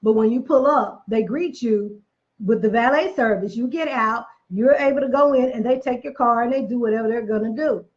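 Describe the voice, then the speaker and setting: A woman's voice: on the high side, normal speed, dull audio. A woman giving a casual motivational talk, emphatic and preachy, repeating phrases for effect, with chatty folksy asides. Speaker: motivational speaker.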